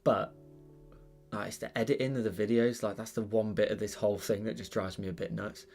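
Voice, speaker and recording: Gravelly low-voiced British man chatting. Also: fairly even intonation, fairly quick, a little mellow, faint music behind. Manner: rambling, with many fillers and restarts. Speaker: art channel host. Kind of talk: casual live-stream chat while drawing.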